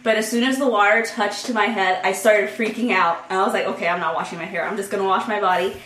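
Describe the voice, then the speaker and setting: A young woman tells a long story to her co-hosts. She is animated, laughs easily and acts out her own inner voice. Her pitch sits mid-range, and the room gives the sound a noticeable echo. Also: quick pace, slight background noise. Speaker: podcast co-host. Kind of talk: casual storytelling among friends. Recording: roomy echo.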